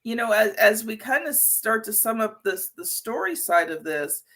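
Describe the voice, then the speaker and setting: A woman's voice: a little high, big pitch swings, moderate pace, pushed and bright. A middle-aged woman hosting a podcast interview, chatty and anecdotal with many fillers. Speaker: podcast host. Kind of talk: conversational interview.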